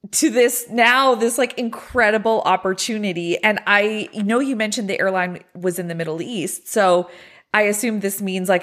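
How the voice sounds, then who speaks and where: A woman interviewing a guest, reacting and summarizing his story in casual chat. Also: medium pitch.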